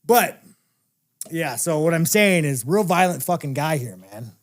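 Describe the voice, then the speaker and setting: A man's voice: a little high, animated, a little slow. A man as an interview guest, telling stories in a blunt, profane, casual way and laughing as he talks.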